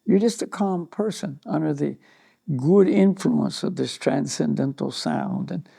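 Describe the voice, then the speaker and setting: Man, mellow gravelly voice, slightly high, meandering storyteller giving a spiritual talk. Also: unhurried. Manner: rambling, anecdotal, many "you know" asides.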